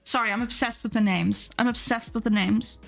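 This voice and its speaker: A young woman streaming live, gushing excitedly over viewers' art and pets, swearing casually. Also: fairly high pitch, brisk, gravelly, soft background music.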